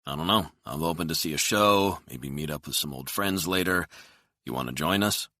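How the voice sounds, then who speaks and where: A man voicing a cool, controlled hired killer who speaks calmly and quietly threatens, in a deep voice. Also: moderate pace, dry recording, clean studio sound. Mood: easygoing.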